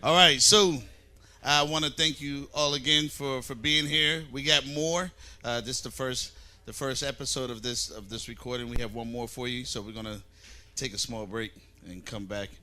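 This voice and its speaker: A man's voice: medium pitch, fairly even intonation, normal speed, bright, forceful tone. A man hosting a comedy show, casually thanking the audience and announcing a break. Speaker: show host and producer. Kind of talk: stage announcements. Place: comedy club stage.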